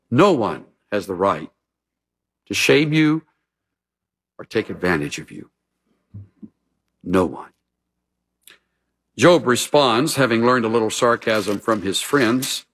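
A man preaching a sermon, telling stories with folksy humor and animated emphasis. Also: lowish voice, slow pace, pauses often. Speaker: pastor.

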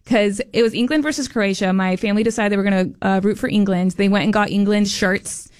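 A woman's voice: medium pitch, quick pace, a little mellow, smooth, no echo. A woman co-hosting a morning radio show, telling a family story in bubbly casual chat, with lots of "like". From family from Mexico. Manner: bubbly, storytelling, says "like" often.

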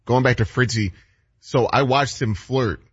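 Husky-voiced male radio cohost. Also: medium pitch, unhurried, no echo, dull audio. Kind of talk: casual anecdote telling.

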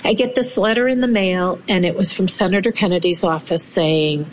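Animated woman telling her own story. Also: fairly low pitch, normal speed, slight background noise. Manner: lively, acts out quoted voices. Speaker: storyteller recounting her experience. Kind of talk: personal storytelling.

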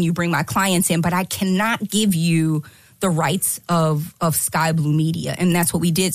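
A woman guest on a podcast telling a story, animated and emphatic, acting out the lines she quotes. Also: fairly low pitch, dry recording. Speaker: guest entrepreneur.

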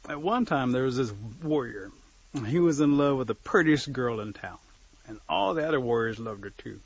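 A man telling a folk tale to listeners, lively, acting out the scenes and joking aside. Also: medium pitch, moderate pace, slightly rough, dry recording. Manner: lively, acts out voices, aside jokes. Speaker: storyteller. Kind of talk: oral folk storytelling. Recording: dull lo-fi recording.

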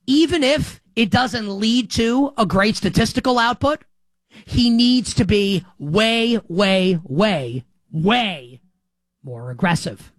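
A man hosting a sports opinion show, talking in an animated, sarcastic way. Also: high-pitched, slow, no room sound. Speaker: sports talk host.

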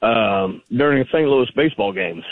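A man's voice: medium pitch, expressive, normal speed, no echo. A man calling in to a talk radio show, rambling and arguing his point with fillers. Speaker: caller. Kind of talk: phone-in call to a talk show. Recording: tinny phone line.

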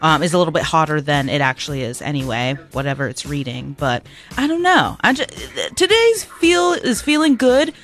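A female radio host with a slightly low voice makes casual, animated banter in the studio. She talks in a chatty way with plenty of fillers. Faint music sits behind her. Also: moderate pace.

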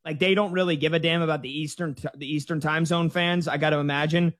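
A man hosting a live sports talk show, excitedly relaying scores and rambling through game schedules. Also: on the high side, fast.

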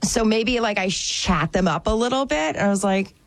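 A woman's voice: mid-range voice, expressive, normal speed, no room sound. A woman co-hosting a radio show, chatting casually in a playful, self-amused way and laughing often. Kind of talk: casual chat.

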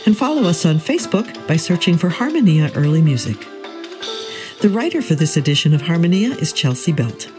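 A woman hosting a public radio early music program, reading the closing credits in a measured, articulate way. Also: low voice, very animated. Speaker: radio host. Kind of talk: scripted radio outro. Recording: studio voice over music.

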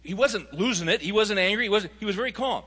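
A middle-aged man preaching with a high, bright voice that rings out in an echoey hall. He talks emphatically and keeps putting rhetorical questions to the people listening. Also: animated, quick pace, breathy edge. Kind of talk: recorded sermon.

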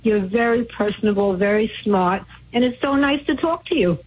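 A woman's voice: mid-range voice, lively intonation, normal speed, breathy edge. A woman from Brooklyn calling in to a radio show, chatty and earnest. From Brooklyn, New York. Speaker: caller. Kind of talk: call-in radio caller. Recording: phone line.

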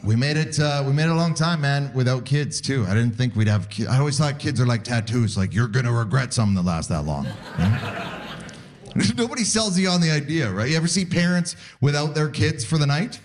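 Animated man doing stand-up. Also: a little fast. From Canada. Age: 40s. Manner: chatty, self-deprecating storytelling with sudden pitch jumps. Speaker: stand-up comedian. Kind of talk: stand-up comedy set. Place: comedy club stage.

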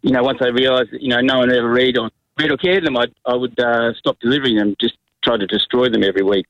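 A man's voice: mid-range voice, steady tone, fast, a bit bright. A man calling a radio show and telling his story hesitantly, with many fillers. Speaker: caller. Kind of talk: phone-in chat. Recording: phone line.

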